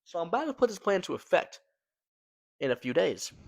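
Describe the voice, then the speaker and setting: Young male storytelling vlogger, animated slangy delivery, dry close sound. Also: high-pitched, fairly quick, gravelly, dry recording. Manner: slangy, animated, fillers like "man" and "right?". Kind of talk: casual storytelling to camera.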